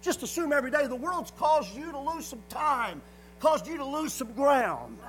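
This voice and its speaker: A man's voice: very high voice, very animated, moderate pace, a bit bright, soft background music, poor audio. A man preaching a sermon, hammering points through repetition and punctuating them with frequent calls of "amen". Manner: repetitive emphatic phrasing, frequent "amen" call-outs.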